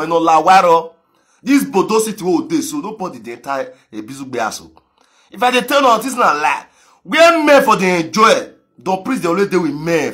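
A man with a Nigerian Pidgin accent ranting on a live video, mocking, laughing and breaking into shouts. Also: fairly high pitch. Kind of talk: animated rant in pidgin.

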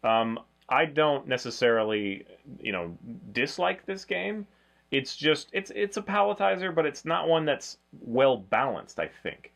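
A man hosting a casual board game review, talking in a flat, low-key way. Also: measured pace, vocal fry. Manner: low-key, flat delivery, self-described monotone.

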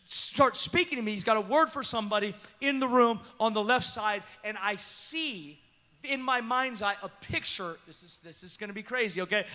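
A pastor preaching a story-driven sermon in a church, lively and animated, acting out the people he quotes and laughing as he goes. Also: very high voice. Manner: animated, acts out quoted voices, laughs often. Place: church sanctuary.

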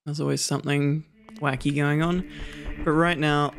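Gravelly soft-spoken ASMR gamer. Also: normal speed. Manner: relaxed, rambling, self-mocking, low energy. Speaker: gaming channel host. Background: video game music.

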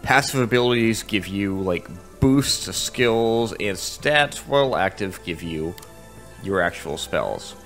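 A man's voice: on the low side, animated, slow pace, a bit bright, soft background music. A man giving casual, rambling let's-play commentary on a game. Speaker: gamer.

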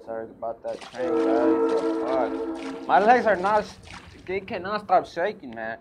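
A man giving casual commentary on a horror game, jumpy and swearing, breaking into panicked shouts. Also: medium pitch, lively intonation, a little slow, over loud music. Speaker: gaming video creator.

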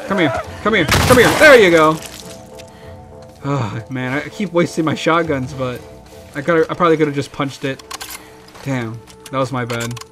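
A man giving casual gameplay commentary, panicking, swearing and repeating himself in quick bursts. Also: medium pitch. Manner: panicky, swears a lot, repeats words rapidly. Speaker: let's play gamer. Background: loud game music.

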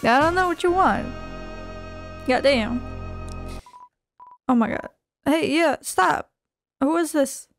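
A young woman giving let's-play commentary, excitable and swearing often, yelping when surprised. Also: high-pitched, takes it slowly, long pauses, dry recording, soft background music. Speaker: gamer.

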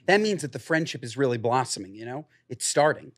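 Man, podcast co-host, enthusiastic, lively pitch, husky tone. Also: fairly quick, no echo. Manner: enthusiastic reactions. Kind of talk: casual chat.

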